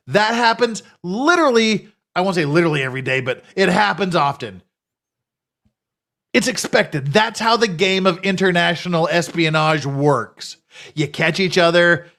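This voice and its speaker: A man's voice: sits high, expressive, unhurried, a bit bright. A man hosting a commentary show, ranting in a profane, sarcastic, scornful way. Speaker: host.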